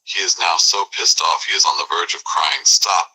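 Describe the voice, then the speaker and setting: Breathy low-voiced man, whispered role-play. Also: steady tone, moderate pace, poor audio. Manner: hushed, describing reactions to the listener. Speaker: narrator.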